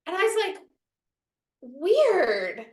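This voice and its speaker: Young woman podcast co-host, high voice, rambling filler-heavy storytelling, roomy echo. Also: expressive, normal speed, sharp tone. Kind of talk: casual chat.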